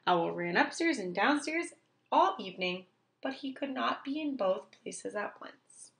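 Woman reader, children's read-aloud, clear and expressive, gentle pacing. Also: mid-range voice. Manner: slow, clear and expressive for young listeners.

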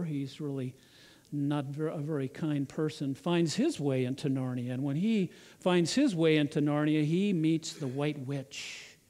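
A man's voice: a little high, a little mellow. A male pastor retelling a children's story in a sermon, often repeating and restarting words.

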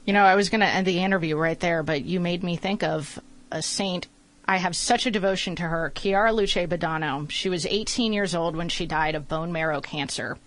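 A woman's voice: fairly low pitch, brisk, a bit bright, poor audio. A woman hosting a conversational interview, attentive and engaged as she takes a turn to speak. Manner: attentive, gives short affirmations. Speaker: interview host.

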